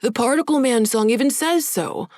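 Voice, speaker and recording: A woman's voice: high voice, moderate pace, a little mellow, no room sound, clean studio sound, voice pushed up, lightly acted. A woman voicing a nerdy teenage boy who protests in a pedantic way. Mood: protesting.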